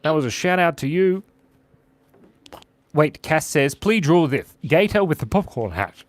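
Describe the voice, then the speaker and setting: A man's voice: on the high side, big pitch swings, moderate pace, dry recording. A young man hosting a casual livestream, drawing requests and reading chat aloud in a playful, giggly way.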